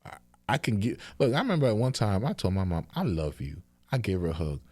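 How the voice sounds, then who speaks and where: A man guesting on a podcast, telling animated stories and laughing through his lines. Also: lowish voice, fast talker, dry recording. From New Jersey. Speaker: guest artist. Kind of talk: casual podcast chat.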